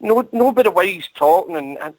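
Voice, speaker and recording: A man's voice: high-pitched, lively intonation, fairly quick, no room sound, low-quality recording. A Scottish man on a fan radio show talking earnestly about football, repeating himself for emphasis. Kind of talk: casual football chat.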